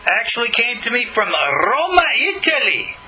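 A man giving an animated lecture as a Jewish religious teacher, commenting on scripture, with swooping emphasis and stretched key words. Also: extremely high pitch, normal speed, a little hiss or hum, low-quality recording.

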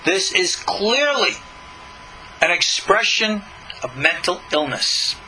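A man giving an animated lecture as a Jewish religious teacher, commenting on scripture, with swooping emphasis and stretched key words. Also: high voice, slow pace, a little hiss or hum, low-quality recording.

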